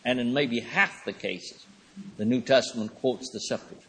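A man giving a Bible lecture in a thoughtful, rambling way, with pauses and fillers. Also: mid-range voice, husky. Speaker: Bible teacher. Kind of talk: classroom lecture. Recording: reverberant hall recording.

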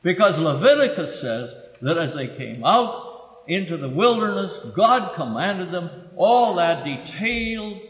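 A man giving a sermon-style Bible lesson, halting with many filler pauses and lifting his voice to read verses. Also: high voice, big pitch swings, fairly bright tone. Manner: reads verses aloud with raised emphasis. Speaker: preacher teaching from scripture. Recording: dull echoey recording from a hall.

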